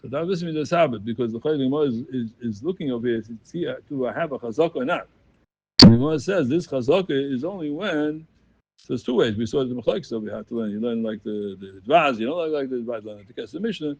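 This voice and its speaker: A man leading a Talmud study group, explaining the text in an animated voice and chanting quoted passages in a sing-song. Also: mid-range voice, fast talker, husky, lo-fi sound. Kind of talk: Talmud class teaching.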